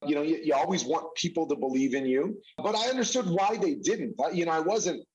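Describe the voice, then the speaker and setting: A man's voice: on the high side, expressive, fairly quick, a little mellow, lo-fi sound. A middle-aged man who played football, answering interview questions in a humble, reflective way that is full of fillers. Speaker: interview guest, former football quarterback. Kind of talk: conversational interview.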